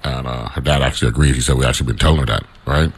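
A man from St. Croix hosting an interview, speaking in a measured, halting way and repeating words as he gathers his thoughts. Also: a bass voice, husky. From St. Croix, US Virgin Islands. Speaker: interview host. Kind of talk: casual interview chat.

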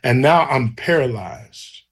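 A man's voice: medium pitch, animated, takes it slowly, slightly rough. A man telling his personal faith testimony in an earnest, vivid way, acting out the dialogue as he goes. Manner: earnest, vivid storyteller who acts out dialogue. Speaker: guest sharing a faith testimony.

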